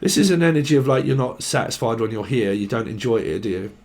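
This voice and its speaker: A man's voice: mid-range voice, animated, fast talker, a little mellow. A man giving a rambling, casual tarot reading, swearing and jumping between word associations. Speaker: tarot reader.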